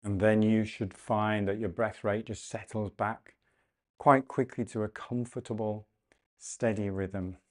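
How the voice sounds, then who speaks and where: A man leading a guided breathing and mobility class, cueing calmly and gently, often slowing down and repeating phrases. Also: lowish voice. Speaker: movement and breathwork instructor. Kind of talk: guided exercise class instruction.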